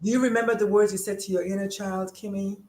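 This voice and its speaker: A woman's voice: mid-range voice, little pitch movement, quick pace, darkish tone. Effusive chatty woman host, echoey room. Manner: effusive, chatty, acts out quoted dialogue. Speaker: podcast host, gender and sexuality coach. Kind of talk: casual podcast conversation.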